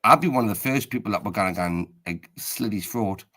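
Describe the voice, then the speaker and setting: A man's voice: lowish voice, quick pace, bright, forceful tone. A middle-aged man, rambling in casual chat and tagging most phrases with "right, okay?".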